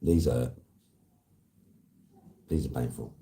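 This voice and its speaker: Speaking slowly in a very deep, dark-toned voice, a man chats casually with his viewers, swearing freely and drifting through long, rambling anecdotes. There's a little hiss or hum in the recording.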